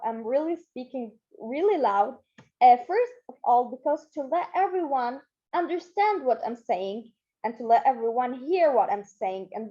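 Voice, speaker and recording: A woman with a high, mellow voice coaches her students over a call. She encourages them, circling back with fillers and repeats. The audio is muffled and lo-fi. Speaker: Model UN trainer. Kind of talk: online training lesson.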